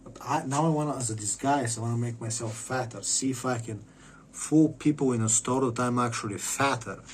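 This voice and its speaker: A man's voice: medium pitch, fairly quick, a little hiss or hum. A man talking in a casual vlog monologue, rambling and profane with lots of stammered restarts.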